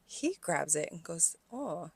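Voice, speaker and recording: A woman's voice: lowish voice, normal speed, no room sound. A young woman co-hosting a casual podcast, telling work stories with lots of swearing and rising outrage. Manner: animated storyteller, swears freely, rises loud when outraged. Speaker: podcast co-host, restaurant server. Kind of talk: casual chat.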